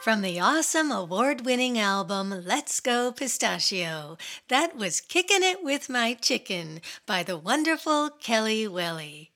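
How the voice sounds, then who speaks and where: Bubbly high-voiced woman hosting for kids. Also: big pitch swings, measured pace, bright, forceful tone, soft background music. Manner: bubbly, sing-song, addresses kids directly. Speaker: children's radio show host. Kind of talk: children's radio hosting.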